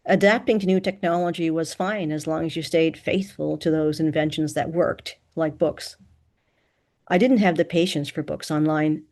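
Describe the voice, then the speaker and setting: A woman narrating a first-person novel in an even, measured reading voice. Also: sits low. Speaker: audiobook narrator.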